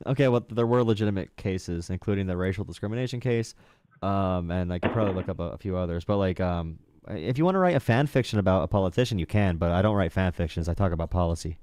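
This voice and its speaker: A young man runs a live political call-in, his voice sitting a little low and moving quickly. He stays calm and teasing, padding his points with fillers, recorded close and dry. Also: clear, resonant tone, dry recording. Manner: calm, mocking, filler-heavy. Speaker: host.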